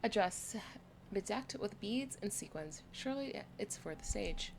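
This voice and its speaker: A woman's voice: mid-range voice, animated, normal speed, creaky, very noisy. A woman giving casual commentary while playing a video game, chatty and reading item text aloud. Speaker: gamer. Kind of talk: casual let's-play commentary.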